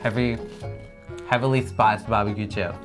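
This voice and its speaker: A young Australian woman casually presenting snacks and explaining them in a relaxed way. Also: extremely low pitch, normal speed. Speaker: taste test presenter. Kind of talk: casual chat. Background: background music.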